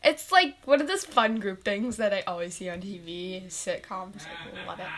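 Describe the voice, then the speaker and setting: A woman narrating pretend play in a playful way, brushing things off with quick dismissive asides. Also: medium pitch, a bit bright.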